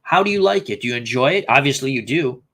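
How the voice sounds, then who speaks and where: Bright-voiced man chatting on a live stream. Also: medium pitch, lively intonation, fast talker. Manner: chatty, thinks aloud, reads viewer comments. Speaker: host. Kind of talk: casual live-stream chat.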